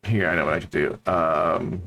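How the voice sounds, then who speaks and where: A man's voice: low voice, steady tone, moderate pace, sharp tone. A man streaming a game, chatting casually and rambling to his viewers. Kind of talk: casual live-stream chat.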